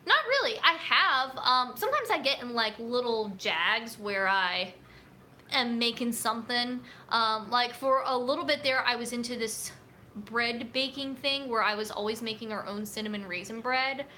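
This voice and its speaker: A nutrition coach hosting a casual livestream speaks at a moderate pace in a slightly high, pushed and bright voice, and a little hiss or hum is audible. The camera sits on a tripod in a home room set up for filming. Her chat rambles and is packed with fillers.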